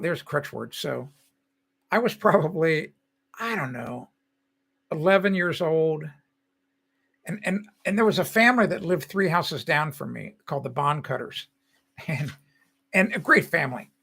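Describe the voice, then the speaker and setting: Older male host, rambling and chuckling, a bit high, gravelly edge. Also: pushed and bright. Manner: rambling storytelling with frequent laughs. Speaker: live stream host. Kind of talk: casual live stream chat.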